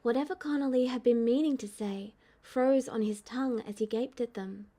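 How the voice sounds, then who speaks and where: A woman narrating a fan-fiction audiobook in a calm, even storytelling manner. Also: a little high, moderate pace.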